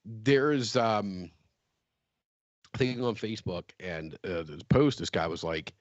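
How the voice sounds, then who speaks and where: A man's voice: lowish voice, takes it slowly, no room sound, highs cut off. A man with a West Virginian accent, co-hosting a podcast in casual chat, rambling with restarts and laughter. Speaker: podcast co-host.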